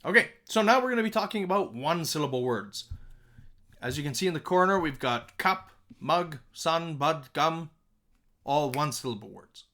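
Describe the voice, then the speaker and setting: A man teaching a music composition lesson, repeating words aloud to show their pitch and often checking in with "okay?". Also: normal speed. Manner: animated, sing-song emphasis. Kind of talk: recorded classroom lesson.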